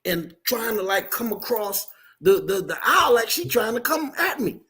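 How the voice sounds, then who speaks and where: A man co-hosting a podcast, telling a story in a lively way and acting out the people in it. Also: high voice, normal speed. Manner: lively, acts out voices in his story. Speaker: podcast co-host. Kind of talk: animated storytelling.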